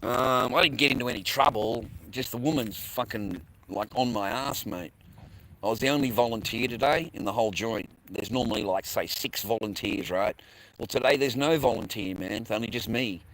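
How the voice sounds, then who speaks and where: A man's voice: mid-range voice, normal speed, fairly bright tone, slight background noise, low-quality recording. An Australian man rambling casually to his viewers, swearing freely and full of slang. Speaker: livestreamer chatting with viewers.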